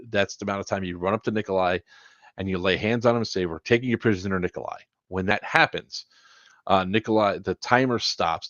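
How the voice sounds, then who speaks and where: A man's voice: low-pitched, fairly bright tone, no echo. A man organizing an event, briefing players on the rules in a casual, rambling and blunt way, with some swearing. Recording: dull lo-fi dry sound.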